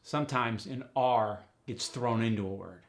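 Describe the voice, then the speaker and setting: A man's voice: medium pitch, normal speed. A middle-aged man giving a step-by-step accent lesson, explaining methodically with examples. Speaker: accent coach. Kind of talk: instructional explanation.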